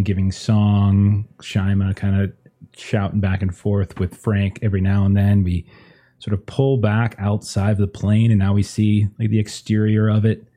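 A man narrating as game master of a tabletop horror campaign in a relaxed, loose way. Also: on the low side. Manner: relaxed, loose, searching for words.

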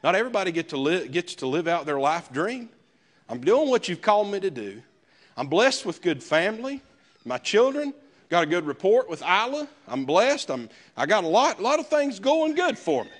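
A man's voice: sits high, sing-song, moderate pace. A male pastor, preaching a sermon in a conversational way with folksy asides. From American South.

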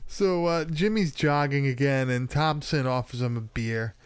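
Young man, podcast film recap, smooth clear voice, dry close sound, casual and profane. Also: mid-range voice, normal speed, no echo. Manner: laughs often, filler-heavy, swears casually.

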